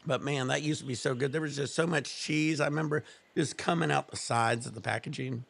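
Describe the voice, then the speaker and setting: A man's voice: mid-range voice, steady tone, fairly quick, vocal fry, fairly bright tone. A man streaming from home, chatting casually in a rambling, laid-back way with plenty of swearing.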